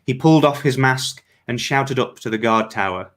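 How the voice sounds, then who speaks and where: A man reads his own story aloud at a measured pace. His voice sits mid-range for a man, and his narration is even and steady. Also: mid-range voice. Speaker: author. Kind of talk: reading fiction aloud.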